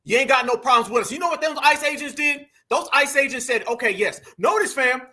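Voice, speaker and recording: A man's voice: very high-pitched, fairly quick, pushed and bright. A man, hosting casual reaction commentary, emphatic and profane, calling his viewers fam. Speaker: commentary channel host.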